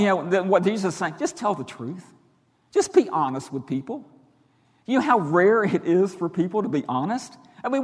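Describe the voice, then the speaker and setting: A middle-aged man preaching a sermon as pastor, emphatic, his voice rising loud and dropping quiet. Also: high-pitched. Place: church sanctuary. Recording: long hall reverb.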